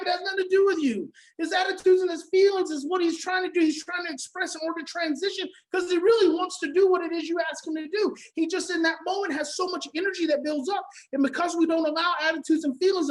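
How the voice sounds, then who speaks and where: A woman giving an impassioned parenting seminar, emphatic and repetitive like a preacher, swinging between shouting and hushed near-whispers. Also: very high voice, fast talker, hardly any pauses, low-quality recording. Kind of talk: impassioned online seminar talk.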